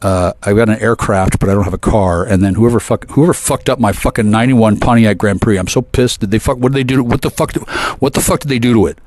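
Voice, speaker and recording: Man, lowish voice, rambling swear-filled rant to camera, stumbles over his words. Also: fast, hardly any pauses, a little mellow. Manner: profane, aggressive, stammering restarts.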